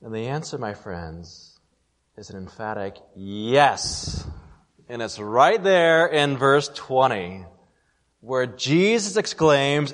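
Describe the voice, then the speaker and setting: Male pastor, mid-pitched, emphatic sermon delivery, long hall reverb. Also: very animated. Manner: emphatic preaching with dramatic slowdowns and rhetorical questions.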